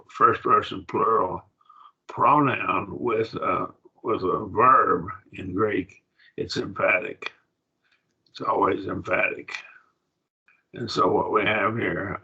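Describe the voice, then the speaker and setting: A man's voice: lowish voice, gravelly, sharp tone, husky. A man teaching a classroom grammar lesson, patiently repeating words as he explains. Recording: dull lo-fi recording.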